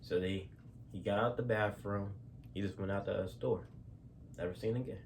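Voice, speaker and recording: A man's voice: lowish voice, steady tone, moderate pace, darkish tone, slight background noise. A man telling stories in a casual, rambling way, full of fillers, restarts and slang. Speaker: storyteller. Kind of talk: casual spoken storytelling.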